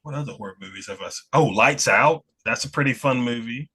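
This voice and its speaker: A man from Alabama with a Southern American accent talks casually as a podcast guest. His voice is bright and forward. He rambles, restarts his sentences and laughs between thoughts. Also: mid-range voice, brisk, slightly rough. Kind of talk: casual chat.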